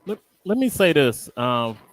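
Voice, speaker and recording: A man's voice: fairly high pitch, very animated, unhurried, no room sound. A man hosting a radio talk show, playful and colloquial, teasing his listeners. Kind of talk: casual radio panel talk.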